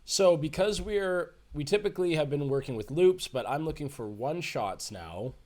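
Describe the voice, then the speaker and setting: A man's voice: on the high side, lively intonation, moderate pace, darkish tone. A man teaching a music production walkthrough into a USB desk microphone, chatty and self-correcting as he explains. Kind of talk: screen-recorded tutorial walkthrough.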